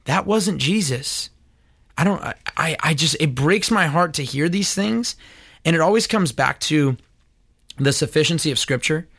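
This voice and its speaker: A man's voice: fairly high pitch, a bit bright, no echo, clean studio sound. A man hosting a critical commentary show on church teaching, earnest and preachy, sometimes stumbling over his words. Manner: earnest, preachy, stammering restarts. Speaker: host.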